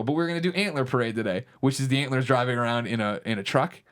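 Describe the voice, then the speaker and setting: Animated storytelling man, casual chat. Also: medium pitch, racing. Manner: animated, acts out quotes in shifted voices. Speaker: podcast co-host.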